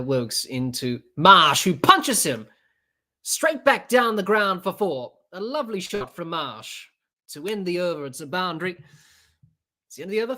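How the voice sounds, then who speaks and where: A man's voice: fairly high pitch, sharp tone. A man hosting a podcast, giving unscripted play-by-play cricket commentary with fillers and restarts. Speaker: podcast host doing live match commentary.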